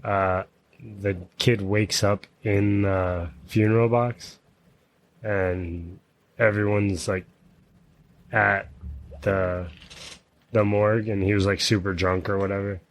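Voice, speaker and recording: A man co-hosting a podcast in casual chat, talking deliberately as he corrects and explains himself. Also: lowish voice, steady tone. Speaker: podcast co-host.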